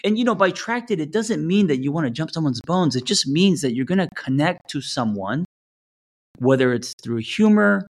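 A man's voice: fairly high pitch, lively intonation, moderate pace. A middle-aged man with a slight lisp co-hosting a relationship podcast, talking casually with many fillers and reading listener letters aloud. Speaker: podcast co-host.

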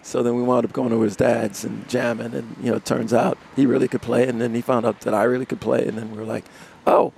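A man, a musician guest in a live radio interview, telling animated stories and laughing often. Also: mid-range voice, quick pace, gravelly, hardly any pauses, slight background noise. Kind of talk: casual storytelling interview. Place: outdoors in front of a music studio complex.

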